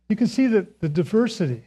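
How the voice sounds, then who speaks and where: Chuckling frequently, an older preacher shares a story at his own expense during a Sunday sermon in the sanctuary. He has a high, mellow voice with a slight roughness.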